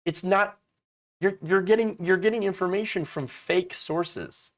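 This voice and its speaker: A man's voice: high-pitched, measured pace. A man hosting a political commentary show, ranting in a profane, exasperated and mocking way.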